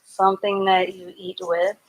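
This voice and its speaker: A woman's voice: mid-range voice, completely flat delivery, a little slow, slight background noise. A woman teaching a live online reading class, patiently sounding out words letter by letter and syllable by syllable.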